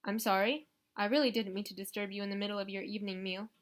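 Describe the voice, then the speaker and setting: A woman's voice: fairly even intonation, fast talker, natural voice. Woman voicing a polite teenage boy. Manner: polite, low-key.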